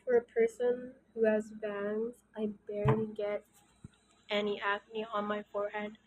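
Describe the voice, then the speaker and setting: Slow, soft-spoken young woman. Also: mid-range voice, completely flat delivery, lo-fi sound, a little hiss or hum. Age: early 20s. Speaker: channel host. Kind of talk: casual confessional talk.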